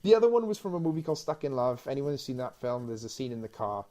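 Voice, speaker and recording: A man co-hosting a casual podcast chat, animated and excitable, stumbling over restarts as he retells movie scenes. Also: mid-range voice, quick pace. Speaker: podcast co-host.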